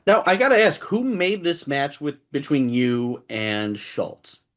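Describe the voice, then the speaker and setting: Man, podcast host, inquisitive, lively pitch, fairly high voice. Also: a little slow. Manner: inquisitive, asking pointed questions. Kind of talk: interview questions.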